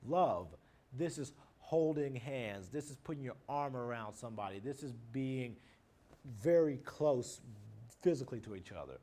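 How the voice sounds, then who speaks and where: An animated, mellow mid-range voice at normal speed belongs to a married adult man lecturing on nonverbal communication. He plainly works through terms one by one for the class, using everyday examples, in this recorded lecture.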